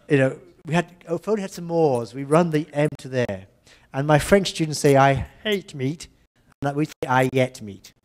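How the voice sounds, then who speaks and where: Older man giving a lively lecture. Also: fairly high pitch. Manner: lively, demonstrative, tells humorous anecdotes. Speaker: English language lecturer. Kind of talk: seminar lecture.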